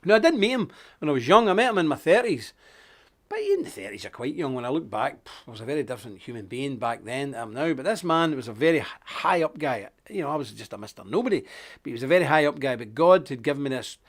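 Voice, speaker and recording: A man's voice: medium pitch, big pitch swings, fast. A man presenting a daily live stream, chatting casually, greeting viewers one by one and reading scripture with preachy emphasis. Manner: chatty, self-deprecating, greets viewers one after another.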